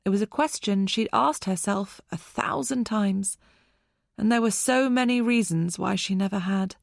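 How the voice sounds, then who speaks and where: A woman narrating an audiobook in an even, measured storytelling voice. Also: medium pitch, creaky, no room sound, clean studio sound. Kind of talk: scripted narration.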